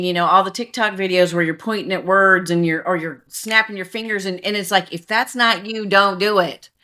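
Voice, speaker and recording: A woman's voice: medium pitch, a bit bright. A woman, a digital marketer, talking chattily as a podcast guest, telling stories with many restarts. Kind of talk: casual podcast interview.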